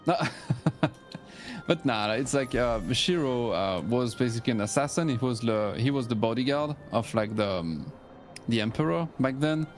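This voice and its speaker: A man's voice: mid-range voice, lively intonation, moderate pace, faint music behind. A man chatting casually while playing an online game, enthusiastic and full of fillers and restarts. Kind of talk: casual gaming chat.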